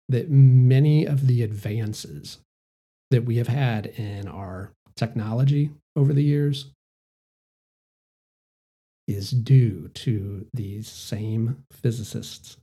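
Male podcast host, casual rambler with a deep mellow tone. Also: husky. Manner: casual and rambling, many "you know" fillers. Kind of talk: solo podcast monologue.

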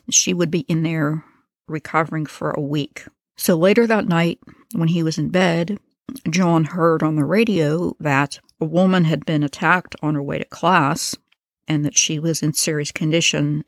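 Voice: mid-range voice, no room sound, studio quality. A narrator retelling a crime case in a casual, conversational way with slangy asides.

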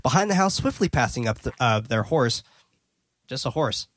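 A man's voice: medium pitch, animated, normal speed, a bit bright, no echo, studio quality. A man hosting a podcast, casually recapping film scenes, often restarting phrases and laughing. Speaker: podcast host.

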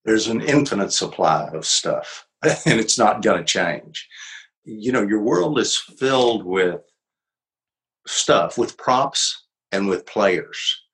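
An older man with a low voice talks through ideas in a gentle, reflective way. He sounds at ease in conversation and laughs easily as he explains. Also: animated, slow, low-quality recording. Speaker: author and psychologist, guest. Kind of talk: conversational interview.

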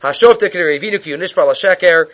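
A man's voice: high voice, fairly quick, fairly bright tone. A man teaching a Torah class, telling stories and acting out the dialogue with Hebrew phrases mixed in. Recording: dull lo-fi recording.

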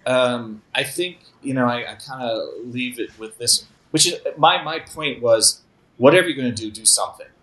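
A man's voice: medium pitch, moderate pace, sharp tone, low-quality recording. A man appearing as a podcast guest, speaking reflectively in casual chat and telling anecdotes. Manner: reflective, tells anecdotes with frequent restarts.

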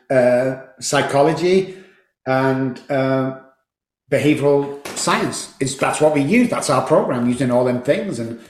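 Fervent man, 50s, interview guest, mid pitch, echoey room. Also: a little mellow. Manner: emphatic, fervent, repeats phrases for force. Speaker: podcast guest, addiction recovery program founder. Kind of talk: emotional storytelling interview. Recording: roomy echo.

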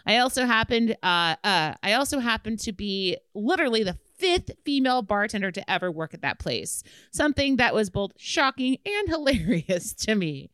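A woman's voice: a little high, very animated, normal speed, hardly any pauses, fairly bright tone, smooth, dry recording. A woman co-hosting a podcast, reading a listener's letter aloud in casual chat, laughing often and swearing freely. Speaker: podcast co-host.

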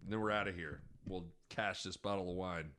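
A man's voice: low voice, a bit bright. A man hosting a casual sports podcast over wine, rambling through his points, cutting himself off and restarting often. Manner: rambling, self-interrupting, quick to apologize and restart. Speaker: podcast host.

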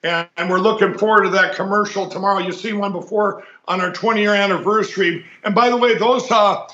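A man calling in as a guest, pitching products in a halting, rambling, salesman-like way. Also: steady tone, pushed and bright, roomy sound, lo-fi sound. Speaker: guest business owner. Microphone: phone line.

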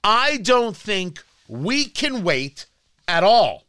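A man's voice: high voice, very animated, extremely slow, sharp tone, slight background noise. A man hosting a political talk show, ranting in a combative, scornful opinion monologue.

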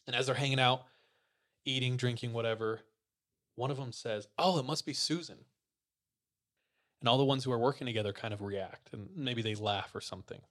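A man's voice: medium pitch, steady tone, brisk, fairly bright tone. Laid-back man retelling a listener story. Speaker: podcast host. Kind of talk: casual storytelling to co-hosts.

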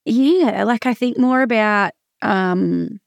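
Chatty woman co-host with a gravelly edge. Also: a little high, takes it slowly, no echo. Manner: chatty, many fillers. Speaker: podcast co-host; mother of school-age kids. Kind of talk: casual chat.

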